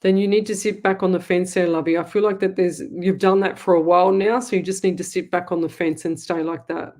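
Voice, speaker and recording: Speaking a little fast in a fairly low, warm, steady voice, a middle-aged Australian woman hosts a live psychic call-in show on radio as a medium. She's blunt with callers, scolds them like a mother would, and calls them lovey.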